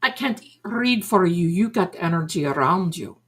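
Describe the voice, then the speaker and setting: A woman's voice: expressive, fairly bright tone, slightly rough. Woman putting on a greedy fortune teller with a thick fake accent. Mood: ominous. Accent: put-on heavy foreign accent. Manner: slow, wheedling sales pitch. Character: scheming female fortune teller, greedy upseller.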